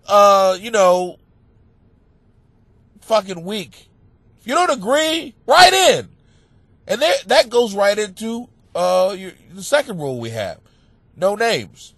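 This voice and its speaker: A high, very animated male voice swings all over the place as he rambles through a crude comedy advice podcast. He sounds stuffed up and sniffly, mocks himself and bursts out loudly. The sound is bone-dry and close, with no room around it. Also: no room sound. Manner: rambling, crude, self-mocking, with sudden loud outbursts. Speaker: podcast host giving advice. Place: home basement.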